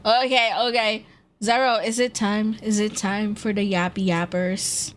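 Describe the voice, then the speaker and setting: A woman's voice: medium pitch, unhurried. A young woman streamer, chatting casually in slang and laughing often. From Philippines. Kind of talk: casual live-stream chat.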